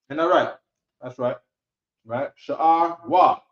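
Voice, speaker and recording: A man runs a classroom language lesson in a casual, coaxing way. He drills short words out loud and keeps checking that his students follow. The room sounds echoey and the recording is dull and lo-fi. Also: a little high, slow pace. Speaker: Hebrew language teacher.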